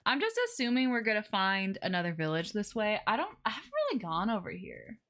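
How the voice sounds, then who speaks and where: A woman's voice: medium pitch, sing-song, a little fast, fairly bright tone. A woman live streaming a game, chatting casually with her viewers and coaxing her in-game animals along with little exclamations.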